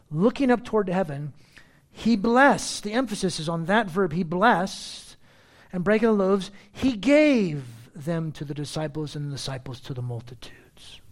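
A man preaching a sermon as pastor, reading scripture verses and explaining them with emphatic, repeated phrases. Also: sits high.

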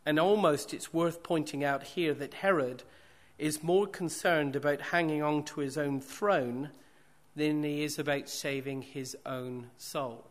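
A man's voice: on the high side, unhurried. A man preaching a sermon, repeating phrases for emphasis and posing rhetorical questions to the congregation.

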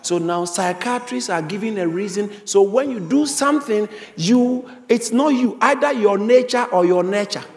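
High-voiced man preaching in an echoing hall. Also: expressive, moderate pace, hardly any pauses, faint music behind. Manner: emphatic, repeats phrases for stress. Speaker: pastor. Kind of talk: sermon. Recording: reverberant hall.

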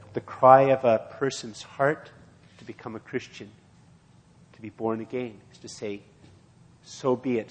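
A man preaching a sermon and reading scripture aloud, in an earnest, repetitive preaching cadence. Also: mid-range voice. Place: church. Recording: long hall reverb.

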